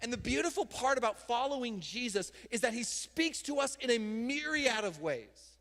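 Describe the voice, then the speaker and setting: A man pastor preaching a sermon from a church stage, casual and emphatic, with sudden loud bursts. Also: very high voice, lively intonation, moderate pace, gravelly. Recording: long hall reverb in a church.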